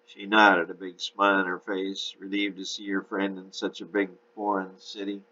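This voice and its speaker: A man narrating a novel chapter in a steady storytelling manner. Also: low-pitched, moderate pace, few pauses, dull audio.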